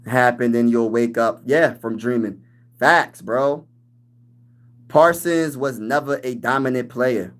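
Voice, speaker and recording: Male livestream host, excitable fan energy, banters with chat, average pitch. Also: takes it slowly. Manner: hyped, animated, reading and answering chat; trash-talking sports fan.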